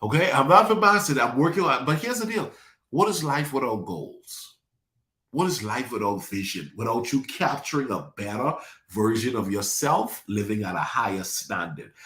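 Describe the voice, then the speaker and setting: A man preaching with a lively, swooping delivery that climbs and drops as he presses his points, speaking. He calls on listeners by name and asks them to repeat after him, and the room around him rings with echo. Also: mid-range voice, normal speed. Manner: preachy call-and-response, addresses congregation by name. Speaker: pastor. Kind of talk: sermon. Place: church sanctuary.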